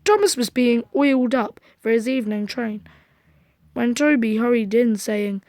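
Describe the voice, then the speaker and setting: A woman reading a children's storybook aloud in a gentle, even storytelling manner. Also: a little high, moderate pace, dry recording. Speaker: storybook reader.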